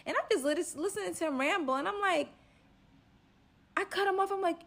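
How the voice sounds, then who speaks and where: Young woman spilling a wild story, super animated, jumps into quotes with big reactions. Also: extremely high pitch, fairly quick, pauses often. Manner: animated, dramatic, acts out quotes. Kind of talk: storytime vlog.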